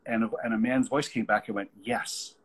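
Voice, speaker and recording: A man's voice: on the low side, fairly even intonation, a little fast, fairly bright tone, breathy edge, low-quality recording. A man who works as a paranormal investigator, chatting casually and telling stories, laughing at his own jokes. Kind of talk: casual conversation.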